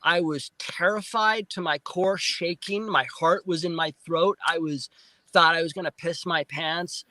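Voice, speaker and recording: A man telling a story as a guest, excitable and animated, acting out sounds and quoting himself. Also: fairly high pitch, measured pace, slight background noise. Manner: excitable, acts out sounds and quotes.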